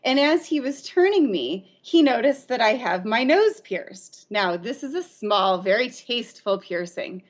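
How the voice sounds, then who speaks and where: A woman from Arizona, a teacher, telling stories in a podcast interview, lively and often laughing. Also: fairly high pitch, unhurried, hardly any pauses. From Arizona, USA. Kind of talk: storytelling in an interview.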